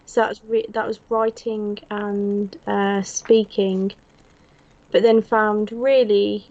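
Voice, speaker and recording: A woman from England co-hosts a live watch-along, chatting casually, giggling, and reading viewer comments aloud. Her mid-range voice is slightly mellow, slow, and fairly flat in pitch, and the stream audio sounds slightly muffled.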